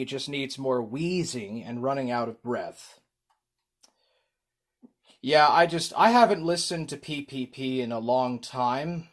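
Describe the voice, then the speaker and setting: Male livestreamer, slow and rambling, mid pitch, casual chat. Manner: rambling, slow, with frequent ums.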